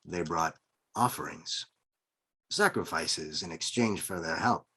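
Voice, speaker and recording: A man voicing an old Mexican oracle-priest, rich and deep, speaking with grave, matter-of-fact certainty in a Mexican accent. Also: slow, bright, forceful tone, breathy edge, exaggerated voice.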